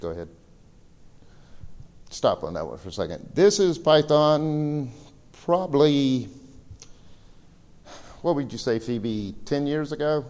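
A man's voice: on the high side, lively intonation, takes it slowly, long pauses, darkish tone. Guy rambling through a seminar slideshow, big hall echo. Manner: casual, rambling storytelling with fillers. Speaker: seminar presenter. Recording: reverberant hall recording.

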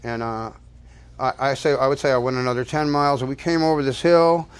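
A man's voice: mid-range voice, steady tone, a little fast, clean tone. An older man telling a personal story to an audience, rambling casually with many restarts and fillers. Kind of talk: casual spoken anecdote.

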